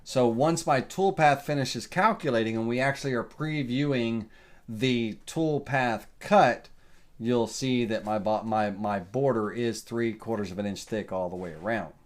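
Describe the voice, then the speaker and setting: A man giving a relaxed live woodworking software tutorial, answering viewer questions with lots of fillers. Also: mid-range voice, a little slow. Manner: casual, folksy, lots of uh and um fillers. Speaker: CNC woodworking instructor.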